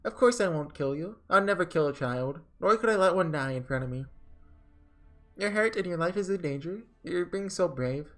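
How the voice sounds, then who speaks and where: A man's voice: high voice, animated, moderate pace, fairly bright tone, soft background music, voice pushed up. A man reading aloud as a stern, motherly female warrior from a game who shields children. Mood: tender.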